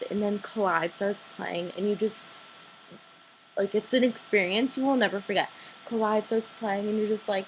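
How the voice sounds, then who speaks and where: A teenage girl, gushing breathlessly about meeting her idol, full of likes and sudden excited squeals. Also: moderate pace, a little hiss or hum, low-quality recording. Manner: breathless gushing with many likes, jumps high when excited. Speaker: fan telling a story. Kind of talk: excited personal vlog storytelling.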